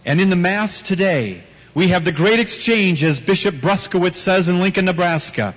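A man's voice: sits high, lively intonation, normal speed, fairly bright tone. A man preaching a sermon before a live audience, telling personal stories with emphatic rhetorical questions and light teasing. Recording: dull audio with long hall reverb.

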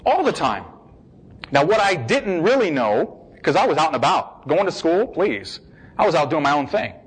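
A man from the United States tells his own story with animated energy. His voice sits a little higher than most men's. He acts out the voices of the people in his story and hammers his points home by repeating them. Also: normal speed, slightly rough, rough recording. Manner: emphatic repetition. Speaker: speaker giving a personal testimony. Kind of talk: personal testimony talk.

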